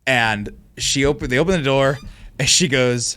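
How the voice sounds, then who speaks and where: A man's voice: mid-range voice, normal speed, bright, forceful tone. A man co-hosting a podcast in casual chat, telling stories animatedly and swearing freely. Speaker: podcast co-host.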